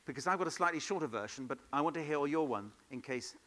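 Workshop leader, man, bright and sharp voice, playful and quick with the crowd. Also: fairly high pitch. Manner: lively, playful, questions the audience. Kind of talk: conference workshop talk. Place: conference hall.

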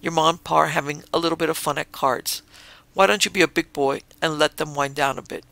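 A man voicing the ghost of a tall, gentle old Western man who talks softly and kindly to a lost child. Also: fairly high pitch, fairly even intonation, a little fast, vocal fry, no echo. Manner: soft, kindly coaxing drawl.

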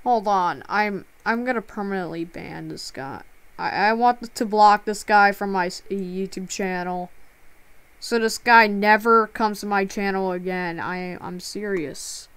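A woman's voice: medium pitch, unhurried, smooth, dry recording. A woman streaming a game live, upset and close to tears, talking in stammering restarts with a plaintive tone.

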